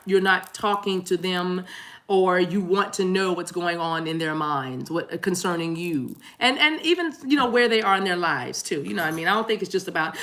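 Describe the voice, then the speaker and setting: A woman's voice: on the low side, a bit bright. A woman doing a casual spiritual card reading who talks in a chatty way, laughs often and repeats herself. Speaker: tarot card reader.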